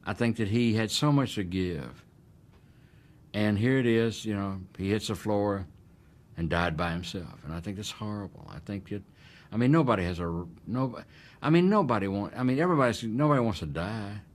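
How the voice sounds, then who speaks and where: An older man, recalling events in a documentary interview and acting out the dialogue forcefully. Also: lowish voice, lively intonation, moderate pace. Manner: emphatic, acts out quoted dialogue.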